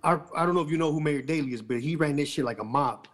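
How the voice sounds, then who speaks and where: A man's voice: on the high side, fast talker, noisy background. A man from the Chicago area co-hosting a casual podcast, telling stories and swearing freely. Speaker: podcast co-host. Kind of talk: casual chat.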